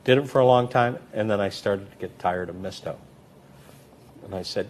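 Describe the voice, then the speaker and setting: A little hiss or hum accompanies a man speaking fairly quickly. As a magician and comedy performer giving an interview, he tells anecdotes and animatedly impersonates the people in them, with sizable swings in pitch and volume.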